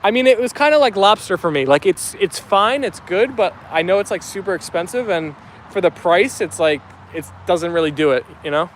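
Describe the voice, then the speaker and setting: A young New Jersey man with a New York Italian accent reads live-stream comments aloud, upbeat and full of fillers. His voice is high-pitched, brisk and lively in intonation, with a little hiss or hum in the recording.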